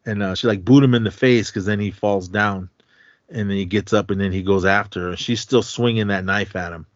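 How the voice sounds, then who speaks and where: A man's voice: fairly low pitch, steady tone, no echo. A man co-hosting a podcast, retelling a horror film's plot casually and acting out the characters' lines. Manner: retells scenes with quick acted-out quotes. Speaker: podcast co-host. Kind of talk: casual film recap. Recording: dull dry podcast audio.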